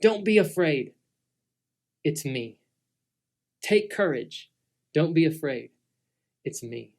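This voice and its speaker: A woman voicing a calm, gentle male teacher figure, speaking softly and reassuringly in a retold church story. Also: low voice, slow pace, full character voice.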